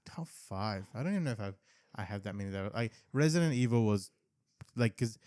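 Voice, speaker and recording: A man co-hosting a podcast in casual chat, relaxed and rambling, with lots of "like" and restarts. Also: lowish voice, fairly quick, no echo, clean studio sound. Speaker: podcast co-host.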